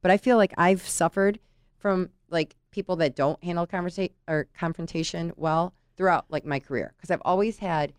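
Her voice is on the low side and clean, moving at a normal speed, captured in a dry studio-quality recording. The middle-aged woman chats informally through work anecdotes, leaning often on "you know" and "right?".

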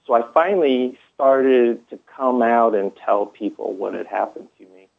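A man's voice: medium pitch, moderate pace, creaky. A man telling his story in a rambling way, with many fillers and restarts, heard through a phone line. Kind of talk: first-person storytelling.

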